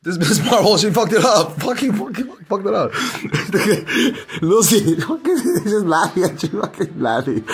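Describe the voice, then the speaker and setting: A man talks in a loose, rambling vlog, excitable and quick to swear, often breaking into laughter. His voice sits high and leaps around in pitch. It has a husky grain.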